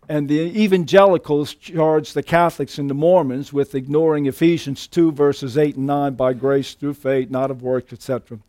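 A man preaching a sermon as a pastor, animated with folksy asides and frequent restarts. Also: a little high, no echo, clean studio sound.

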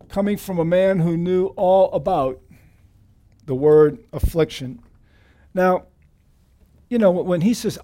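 A man preaching a sermon with animated swings in pitch and volume, reading scripture aloud with emphasis. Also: unhurried. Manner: animated preaching with sudden pitch leaps and drops. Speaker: pastor.

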